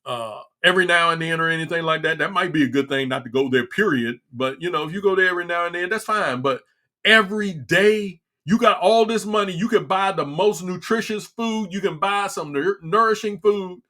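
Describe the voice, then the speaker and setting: Middle-aged guy ranting on his live show, kinda frustrated, trips over his words and repeats himself, slightly high voice. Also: a little fast, pushed and bright. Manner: frustrated, repetitive, stumbling restarts. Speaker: livestream talk show host. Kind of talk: casual ranting commentary.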